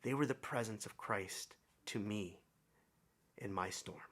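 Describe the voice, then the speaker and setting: A middle-aged man preaching a sermon, telling a personal story with swelling emphasis and soft, hushed drops. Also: lowish voice, unhurried. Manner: reflective storytelling, swells then drops to near whispers. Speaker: pastor.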